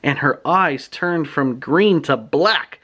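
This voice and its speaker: A man recapping a story in casual, animated, indignant storytelling. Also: on the high side, slow pace, highs cut off. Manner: animated, indignant, laughs often. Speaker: book reviewer.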